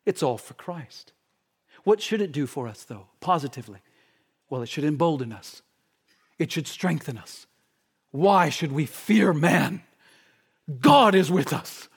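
A man preaching a sermon, shifting between fervent, shouted appeals and quiet, hushed stretches. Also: a little high, animated, unhurried, long pauses, breathy edge. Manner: impassioned, swings from shouting to hushed.

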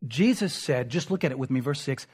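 A man's voice: medium pitch, animated, fairly quick, a little mellow, breathy edge. A man preaching a sermon, explaining a text closely with rhetorical asides. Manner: expository, dwells on words, rhetorical asides.

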